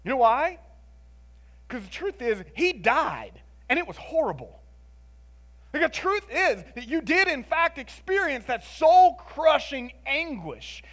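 A man preaching a sermon in an expressive, conversational way, moving between emphatic lines and hushed ones and often adding "like" and "right?". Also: very high-pitched.

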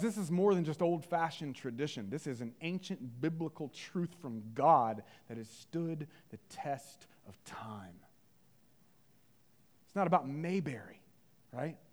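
A male pastor preaching a sermon, animated and full of rhetorical questions, swinging from loud to hushed. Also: fairly high pitch.

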